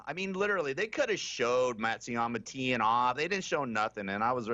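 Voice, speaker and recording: A man's voice: mid-range voice, expressive, brisk, hardly any pauses, bright, forceful tone, dry recording. A man hosting a radio talk show, ranting brashly in casual talk and laughing often, heard through a dull, muffled broadcast.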